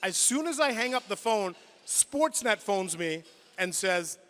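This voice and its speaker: A male sports broadcaster giving a hall of fame acceptance speech, telling a personal story dramatically, with quick restarts and repeated words, at a podium microphone. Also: sits high, expressive, fairly bright tone, slight background noise. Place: large indoor event hall. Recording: long reverb of a large hall.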